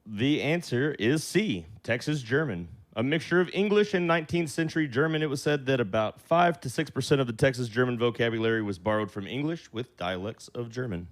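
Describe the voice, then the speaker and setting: A male producer reads out quiz questions and answers in a plain, measured way. His voice is of middle pitch. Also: animated. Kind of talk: reading trivia questions aloud.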